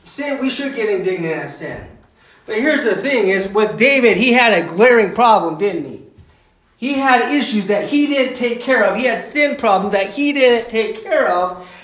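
A man's voice: high voice, animated, normal speed, a bit bright, echoey room, rough recording. A man preaching a sermon in a conversational way, full of fillers and "right?" asides. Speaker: pastor.

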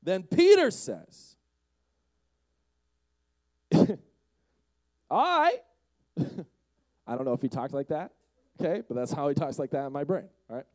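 A young man preaching a lively youth sermon, shouting and acting out the characters of the story. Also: on the high side, measured pace, pauses often, dry recording. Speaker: youth pastor.

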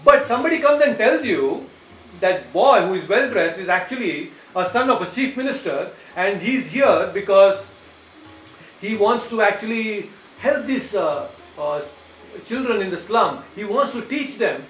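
A man's voice: high-pitched, animated, unhurried, fairly bright tone. A man giving a devotional lecture, explaining patiently and often checking in with his listeners. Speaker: preacher. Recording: echoey room with faint ambience.

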